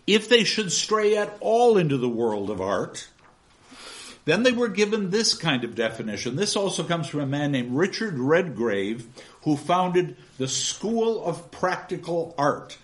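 A man giving an informal literature lecture in an animated, digressive, chuckling way. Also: on the high side, a little slow.

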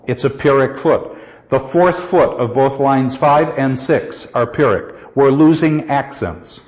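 A male literature teacher lecturing a class on poetry, putting questions to the students and reading verse lines slowly. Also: mid-range voice, a little mellow. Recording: echoey hall, dull lo-fi sound.

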